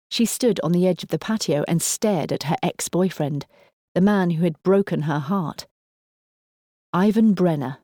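A woman narrating a novel in an even storytelling delivery, recorded on a close mic. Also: on the low side, no echo. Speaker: audiobook narrator. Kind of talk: scripted narration.

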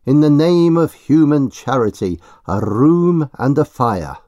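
A man's voice: mid-range voice, wildly swooping pitch, moderate pace, darkish tone, no echo, pitched above the performer's own voice. A man voicing a mysterious bandaged male stranger who speaks in a muffled, terse and commanding way. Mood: demanding.

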